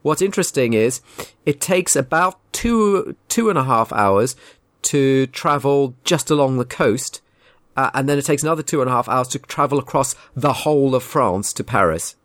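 A man's voice: medium pitch, animated, normal speed, dry recording. Man, casual story, wry and indignant, rambles, dry close sound. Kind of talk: casual anecdote.

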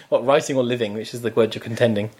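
A man's voice: medium pitch, breathy edge. A British man co-hosting a podcast, chatting casually. He is playful and teasing, and he complains in mock outrage about words he dislikes. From Britain. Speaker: podcast co-host. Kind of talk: casual chat.

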